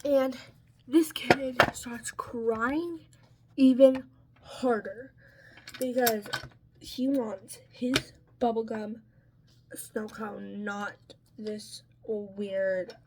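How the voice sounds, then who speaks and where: A woman's voice: a little high, steady tone, drawn-out words, long pauses, noisy background. A woman vlogger telling a story in a casual chat while getting ready, full of "like" and "um" and sounding exasperated. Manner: chatty, peppered with "like" and "um".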